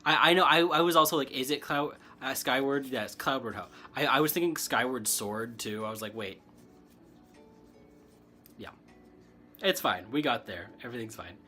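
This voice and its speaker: A man's voice: mid-range voice, normal speed, long pauses, bright, forceful tone, faint music behind. A man giving a casual, rambling tarot chat, answering comments and laughing often. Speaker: tarot reader and streamer. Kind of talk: casual spiritual chat, reading tarot cards.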